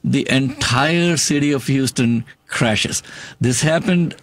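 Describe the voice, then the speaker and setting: A man's voice: medium pitch, slow pace, no room sound. A man with a non-native accent hosting political talk radio, talking in a blunt, emphatic, opinionated way. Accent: non-native English accent. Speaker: radio talk show host.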